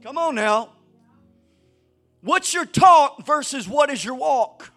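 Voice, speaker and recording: A pastor delivers a sermon in a very high, ringing voice. He swings from shouted exhortation to quiet, chatty asides. A faint wash of music sits underneath. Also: lively intonation, slow. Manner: swings between shouted preaching and low conversational asides. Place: church sanctuary with congregation.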